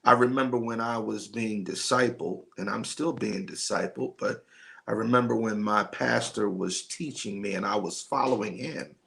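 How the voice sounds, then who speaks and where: A man hosting a men's night livestream as a pastor, talking slowly and loosely with many fillers and greeting viewers by name. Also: on the low side, gravelly. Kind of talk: casual livestream talk and preaching.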